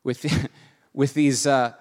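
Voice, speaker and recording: A man preaching a sermon, earnest, moving between soft and emphatic delivery. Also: medium pitch, steady tone, very slow.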